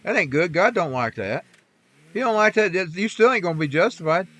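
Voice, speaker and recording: A high-pitched, animated man talks fairly quickly in a slightly bright voice. He's a streamer making casual conversation while playing, rambling folksily about faith and scripture with preachy asides.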